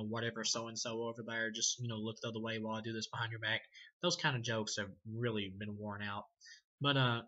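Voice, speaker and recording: A man's voice: medium pitch, pushed and bright, highs cut off. A man casually reviewing a movie, rambling, swearing and laughing often as he talks. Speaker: film reviewer.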